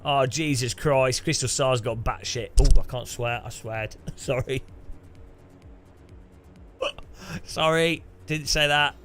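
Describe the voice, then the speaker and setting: A man's voice: medium pitch, slow pace, long pauses, fairly bright tone, soft background music. A man hosting a casual livestream, reading out viewer donations and reacting to them with puzzled, laughing chatter. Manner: bemused, chatty, laughs often and swears. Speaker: streamer host. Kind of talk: casual livestream chat while racing.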